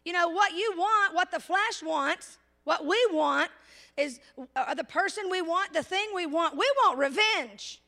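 A woman preacher with a very high, bright voice delivers an animated sermon. She fires rhetorical questions at her congregation and drops into casual asides. She slows down hard on the words she wants to land.

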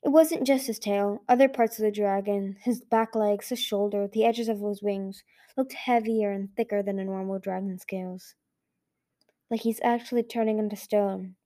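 A woman reading a fantasy novel aloud in a soft, measured narration. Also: medium pitch. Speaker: audiobook reader. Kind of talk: fan audiobook narration.

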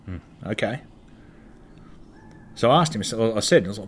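A man's voice: medium pitch, sing-song, a little fast, breathy edge. An Australian man, a stand-up comedian, telling a story in a casual monologue, blunt and heavily profane, ranting in exasperation.

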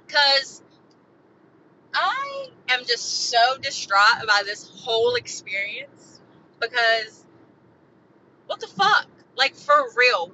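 A woman with a very bright, fairly high voice vents on a solo podcast, agitated and swearing as she rambles through her frustration. The recording is a little dull and lo-fi. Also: slight background noise. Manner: agitated, profane, rambling venting. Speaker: podcast host.

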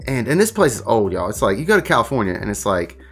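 Fast, animated Southern man. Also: fairly low pitch, husky, soft background music. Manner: animated rambling storyteller, swears casually. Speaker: guest, wine shop owner. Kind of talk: casual chat.

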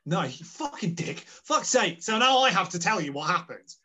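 A man's voice: sits high, big pitch swings, moderate pace, bright, forceful tone. A young man, co-hosting a podcast in a brash, sweary, joking chat. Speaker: podcast co-host. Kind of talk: casual chat.

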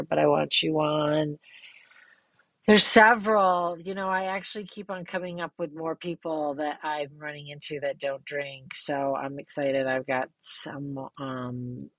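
Middle-aged woman, podcast host, low and unhurried, candid and rambling, dry close sound. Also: creaky, no echo. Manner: candid, rambling with many fillers and restarts. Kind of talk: casual personal monologue.

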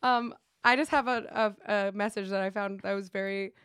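A young adult woman hosting a podcast, telling stories in casual chat, animated and laughing often, with casual swearing. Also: mid-range voice, normal speed, clean tone, dry recording, clean studio sound.

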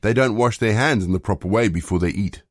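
Questioning male elders, as a male reader voices them; low-pitched and dry. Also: fairly quick, no room sound, close to an everyday voice. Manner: plain reading voice. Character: questioning male religious teachers.

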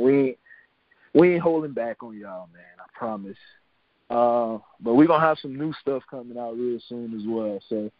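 A man's voice: medium pitch, no echo. Laid-back male podcast host, dry lo-fi sound. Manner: relaxed, laughing, repeats words. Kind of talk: casual podcast sign-off chat.

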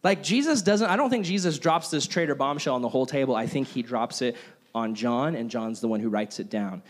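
A man preaching a sermon as a pastor, telling a story in an animated way and acting out its characters. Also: mid-range voice, brisk.

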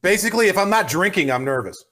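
A man telling a story in a casual podcast chat, swearing freely and acting out his own shouts. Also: high-pitched, animated, quick pace. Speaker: podcast co-host.

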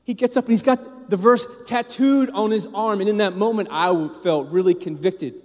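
A man's voice: sits high, normal speed, a little mellow, in a large hall. A man preaching a casual, storytelling sermon to a congregation, with frequent restarts and asides to the listeners. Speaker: pastor. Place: church sanctuary.

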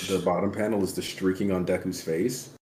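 A man co-hosting a casual podcast explains manga details at length, using lots of fillers. His voice is low and darkish with fairly even intonation and a slightly fast pace, recorded in an echoey room with faint background noise.

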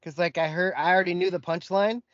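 A man's voice: sits high, fairly even intonation, fast talker, fairly bright tone, no room sound, highs cut off. A man chatting on a podcast, who laughs often and makes jokey asides. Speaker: podcast co-host. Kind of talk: casual chat.

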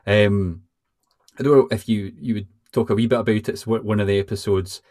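Male host, lowish voice, hesitant, rambling questioner. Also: fairly even intonation, fairly quick, darkish tone, no room sound, clean studio sound. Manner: hesitant, rambling, many restarts. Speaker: podcast host. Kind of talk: casual interview chat.

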